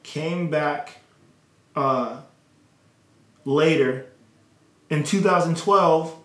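A man's voice: fairly high pitch, extremely slow, a bit bright, roomy sound. A man co-hosting a podcast, joking and bantering in casual chat. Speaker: podcast co-host.

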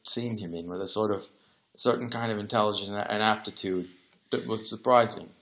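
A man interviewing a guest, asking long, halting questions that wander before landing. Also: fairly low pitch, fairly bright tone.

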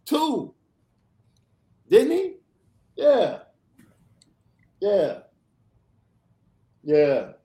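A man's voice: high-pitched, huge pitch swings, extremely slow, long pauses, warm tone. A man hosting a sports podcast, ranting with emphatic, sarcastic repetition. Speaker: podcast host. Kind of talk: animated sports podcast rant.

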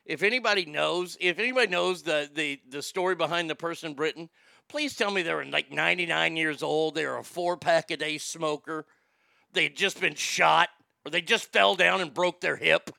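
Man, heated sarcastic rant, swears a lot, trips over words, bright edgy tone, dry close sound. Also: a little high, steady tone, normal speed, gravelly, no room sound. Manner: stammers and restarts when worked up. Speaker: live show host. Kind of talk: ranting political commentary.

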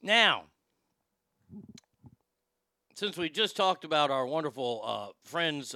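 A man's voice: on the high side, sing-song, a little slow, hardly any pauses, pushed and bright, no room sound. A man hosting a comedy show, delivering a crude, rambling monologue. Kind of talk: stand-up style comic monologue.

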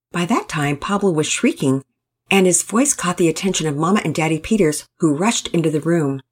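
A woman narrating a Christian family storybook in a gentle, expressive reading voice. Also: low voice, a little fast, breathy edge.

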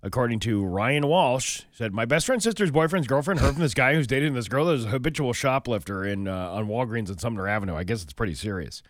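New dude reading weird news, goofy, voice jumps around, dry mic. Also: male voice, mid-range voice, animated, fast, few pauses, dry recording. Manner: jokey, breaks into mock-outraged rants and silly voices. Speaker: radio show host reading news stories. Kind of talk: comedic news banter.

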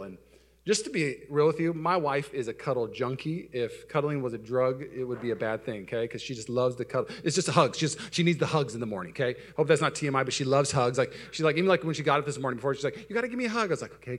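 This pastor, a man in his young adult years, delivers a sermon through self-deprecating storytelling. He moves back and forth between bursts of loud enthusiasm and quiet, low-voiced side comments.

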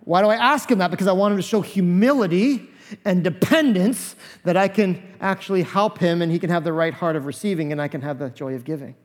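A man preaching a sermon as pastor, animated, acting out the voices of the figures in his story. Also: high voice, a little fast, long reverb tail.

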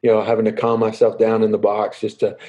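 A young man, a baseball player answering interview questions in a halting, easygoing way full of fillers. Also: lowish voice, monotone, mellow, dull audio. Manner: halting, lots of fillers and restarts.

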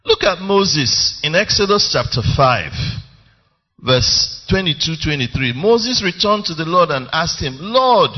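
Man, pastor; unhurried, highly animated sermon delivery in a reverberant, lo-fi hall. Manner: emphatic, calls for congregation response. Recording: reverberant lo-fi church recording.

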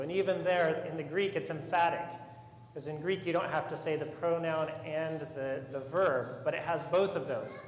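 High-voiced priest preaching in echoing church. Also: male voice, normal speed. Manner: earnest, emphatic preaching. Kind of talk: sermon. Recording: echoey church with long reverb, faint room noise.

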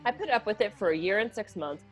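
A woman co-hosting a comedic advice podcast, reading listener letters aloud and then mulling them over in a chatty, halting way. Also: mid-range voice, expressive, soft background music. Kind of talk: casual comedic podcast chat.

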